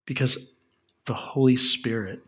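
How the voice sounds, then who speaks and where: Husky-voiced man preaching casually. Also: medium pitch, fairly even intonation, a little slow. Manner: conversational, drops to a soft hush on key lines. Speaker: pastor. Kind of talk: sermon.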